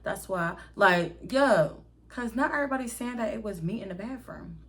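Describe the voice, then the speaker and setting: A young woman tells a casual storytime to her viewers, animated and laughing, with frequent swearing. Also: fairly high pitch, normal speed. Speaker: vlogger telling a story.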